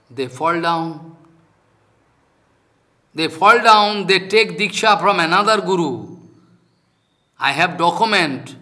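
A man's voice: high voice, sharp tone. An older man, a spiritual teacher whose first language is Bengali, giving a devotional lecture in an emphatic, repetitive manner with non-native phrasing.

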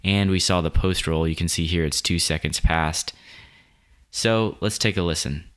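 A man with a deep, low voice walks through a video editing tutorial. He explains each step in a relaxed, plain way, like a screen-recorded lesson. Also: normal speed.

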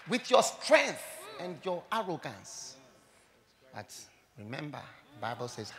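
A man with a Ghanaian accent, a pastor preaching a sermon and telling stories with animation, moving between loud exclamations and quiet asides. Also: fairly high pitch, very animated, unhurried, long pauses, some chatter behind. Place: church service hall.

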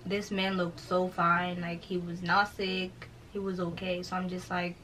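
A woman's voice: on the low side, level tone, normal speed, fairly bright tone, a little hiss or hum, rough recording. A young woman talking casually in an interview, telling a personal story and quoting others, with many fillers. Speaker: vlogger telling her story.

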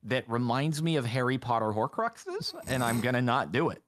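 A young man chatting casually while playing a game with friends, easily startled into rapid alarmed exclamations. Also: medium pitch, very animated, no echo, studio quality. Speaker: gamer. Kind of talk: casual gaming chat.

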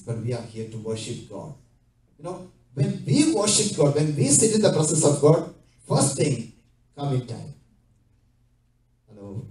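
A man's voice: a little high, a little mellow. A man preaching a sermon as pastor, repeating his points with frequent hallelujahs and okays. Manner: switches into Malayalam mid-sermon. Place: church sanctuary. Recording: roomy church echo from far off.

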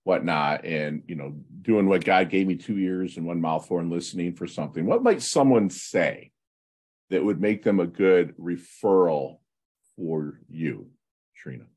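A man hosting a podcast interview, enthusiastic and motivational, quick with effusive praise. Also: low voice, animated, darkish tone, husky. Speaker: podcast host.

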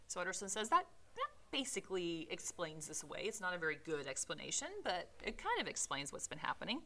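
Bright-voiced woman giving casual commentary. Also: on the low side, very animated, quick pace. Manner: casual, paraphrasing with fillers. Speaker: teacher reading a novel aloud. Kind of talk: reading aloud with casual commentary.

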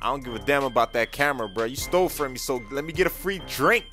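A man's voice: mid-range voice, animated, fast, bright, forceful tone, soft background music. A man talking pushy slang in a casual game roleplay.

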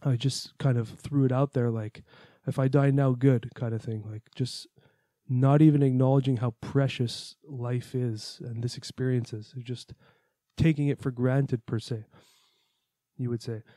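A man speaks in an earnest, reflective way as he recounts a personal experience to his audience, cursing now and then. His voice is warm and mellow, with a middling pitch. The recording is dry and close, with no room sound. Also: steady tone, a little slow, dry recording. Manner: candid, earnest, reflective, with the odd curse. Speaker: podcast host. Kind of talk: personal storytelling monologue.

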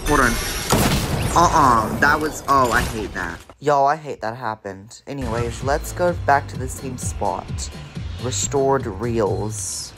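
A gaming video creator giving casual, excitable gameplay commentary, jumpy and prone to repeating panicked exclamations. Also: mid-range voice, slow pace, music in the background.

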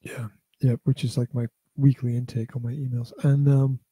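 A man's voice: medium pitch, little pitch movement, normal speed, mellow, husky. A middle-aged father chatting casually as a podcast co-host, rambling and repeating his words with hesitant fillers. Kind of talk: casual chat reviewing a VR game.

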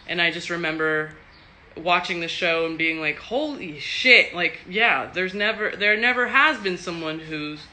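A woman's voice: fairly low pitch, normal speed, sharp tone, slight background noise. A woman from Texas, an actor, answering fan questions in a loose, chatty live stream, swearing freely and laughing often. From Texas, USA.

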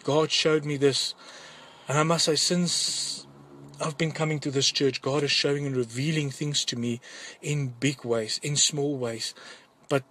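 A man giving an urgent, earnest testimony to his church, halting and often repeating his words. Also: a little high, fairly even intonation, pushed and bright. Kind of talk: urgent spoken testimony to a congregation.

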